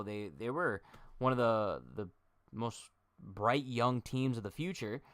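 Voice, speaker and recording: Talking baseball on a livestream, a chatty young host jokes around and speaks straight to his chat. He has a medium-pitched, slightly bright voice and a recording with no room sound.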